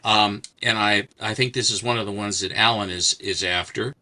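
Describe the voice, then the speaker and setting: A man's voice: fairly low pitch, fairly even intonation, normal speed, bright, forceful tone. An older man hosting a casual chat, rambling through stories and jokes as he shows comics. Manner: rambling storyteller, chatty and joking. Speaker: host.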